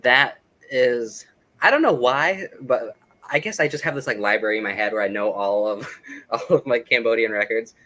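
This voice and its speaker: A man's voice: mid-range voice, normal speed, pushed and bright, low-quality recording. A man talking casually as an interview guest, explaining his records with lots of fillers and restarts. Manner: rambling, filler-heavy, enthusiastic explaining.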